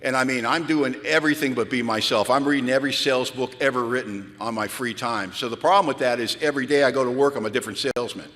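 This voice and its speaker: Bright-voiced man telling stories in a hall. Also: mid-range voice, fast, hardly any pauses. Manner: animated, self-mocking storyteller. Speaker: recovery meeting speaker. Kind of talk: storytelling talk at a retreat. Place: large event hall. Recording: long hall reverb from a large venue.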